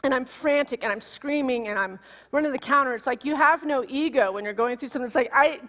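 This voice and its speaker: A woman's voice: sits high, fast talker. Woman preaching in a reverberant hall. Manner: animated, emotional storytelling with acted quotes. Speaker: minister. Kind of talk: sermon with personal storytelling. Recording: long reverb of a large hall.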